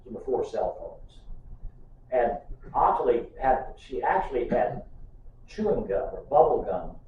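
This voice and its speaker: A man's voice: mid-range voice, sing-song, measured pace. Older pastor, man, homespun sermon with jokes; distant mic, heavy church echo, faint room hiss. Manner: folksy storytelling with humor. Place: church sanctuary. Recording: distant, echoey, muffled church recording.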